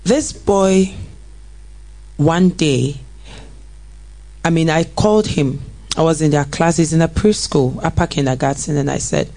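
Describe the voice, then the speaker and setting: A preschool educator, telling a classroom story to parents in an earnest, animated way. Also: mid-range voice, unhurried, low-quality recording. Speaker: preschool educator and guest speaker.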